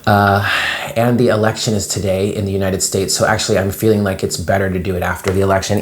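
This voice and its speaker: A tarot card reader talking through a casual daily reading vlog in a rambling, chatty way, full of fillers and easily moved to emotion. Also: low voice. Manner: gets emotional when telling a dream.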